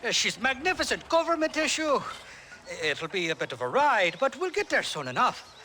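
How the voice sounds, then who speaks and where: A boozy Irish rogue with a high, lively voice, rambling and wheedling. Loud outdoor ambience sits under his lines in the game scene. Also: moderate pace, a little hiss or hum, exaggerated voice.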